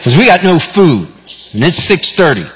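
A man, preaching a sermon and telling stories in an animated way. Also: fairly high pitch, normal speed, breathy edge. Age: 50s. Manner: animated storyteller, acts out dialogue. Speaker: pastor. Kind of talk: sermon with personal storytelling. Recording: long reverb of a large hall.

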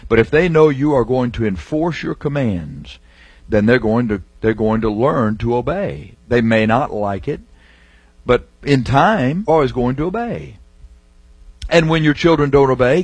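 A middle-aged male preacher delivers an emphatic sermon, drawing out key words when he reads scripture. His voice is husky and sits at an ordinary pitch. The sound is dry and close. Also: a little mellow, no echo. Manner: emphatic, slows down to stress scripture phrases.

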